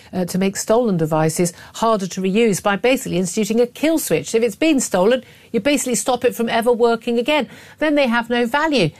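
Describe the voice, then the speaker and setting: A woman's voice: mid-range voice, darkish tone. A woman, a middle-aged talk radio host, delivering emphatic, opinionated commentary with frequent restarts.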